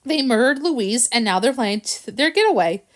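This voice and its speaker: A woman voicing a gentle, timid young male dog who talks sheepishly and earnestly in a storybook. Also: on the high side, expressive, moderate pace, voice pushed up, lightly acted.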